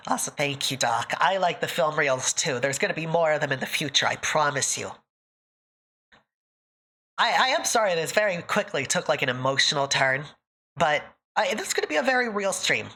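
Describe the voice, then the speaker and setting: A woman's voice: low voice, lively intonation, moderate pace, long pauses, sharp tone. A woman streamer chatting with her live audience, emotional and close to tears, laughing often between thank-yous. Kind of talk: casual live-stream chat.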